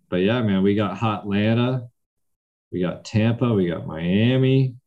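A man's voice: on the low side, takes it slowly, phone-quality sound. A man, co-hosting a casual podcast in an easygoing way, often laughing along. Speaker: podcast co-host.

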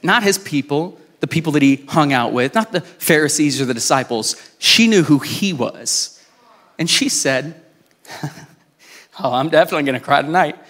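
A man preaching a sermon in a casual, conversational way, telling a story with lively voices for the people in it. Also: on the high side, unhurried. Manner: informal and conversational, with restarts. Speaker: pastor.

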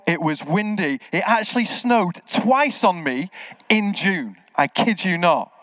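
Guy preaching, tells stories, does the voices, kinda higher voice, dry muffled sound. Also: no echo. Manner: animated storyteller, acts out quoted voices. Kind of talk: sermon with storytelling. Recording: slightly dull, dry sound.

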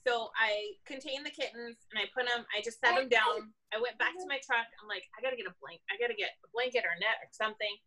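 A woman police officer telling a story in casual chat, animated, laughing often and acting out what people said. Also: a little high, quick pace, few pauses.

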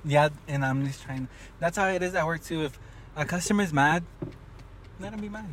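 A man's voice: on the high side, normal speed, fairly bright tone, slight background noise. A young man chatting casually as a podcast co-host, telling work stories with a lot of laughter and some swearing. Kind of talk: casual chat.

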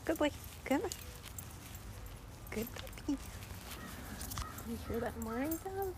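Woman cooing at her pup, high lively voice, lots of praise, noisy outdoor recording. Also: takes it slowly, pauses often. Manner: soft, coaxing pet talk with frequent praise. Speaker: podcast host. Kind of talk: casual talk to her dog. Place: outdoors in the rain, then indoors.

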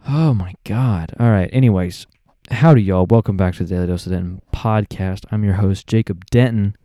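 Young male podcast host, exasperated and sarcastic, fairly low voice. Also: no echo, studio quality. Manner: exasperated, sarcastic, animated ranting. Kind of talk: casual ranting podcast monologue.

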